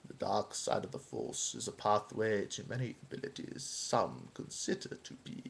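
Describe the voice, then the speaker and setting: A man doing an impression of a wheezing old evil emperor, hissing low and then shrieking. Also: sing-song, normal speed, exaggerated voice. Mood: sinister. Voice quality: hoarse, hissing, rising to shrieks.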